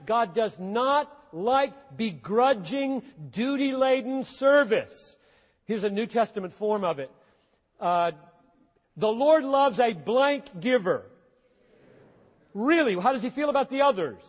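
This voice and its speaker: A man preaching a sermon with earnest intensity, swinging between hushed, low passages and sudden emphatic bursts. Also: animated, slow pace, muffled recording. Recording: long hall reverb.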